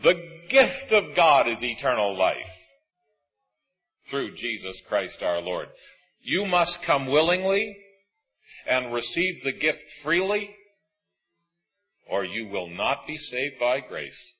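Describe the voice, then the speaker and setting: A man preaching with a husky edge, his pitch rising and falling in wide, lively sweeps. He presses hard on some phrases and drops to a hush on others. The recording is dull and lo-fi, with faint music underneath. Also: slow, long pauses. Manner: emphatic, swinging between loud and hushed. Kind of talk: sermon.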